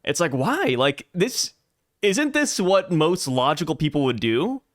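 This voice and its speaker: A man co-hosting a podcast in casual chat, animated and quick with his points. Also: a little high, dry recording, clean studio sound. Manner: animated, agreeing, quick asides.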